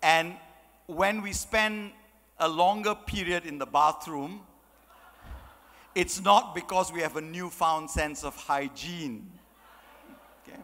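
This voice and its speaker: A man telling a personal story in a motivational talk, acting out the dialogue with animated energy. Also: a little high, slow, pauses often. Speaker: speaker. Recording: long hall reverb.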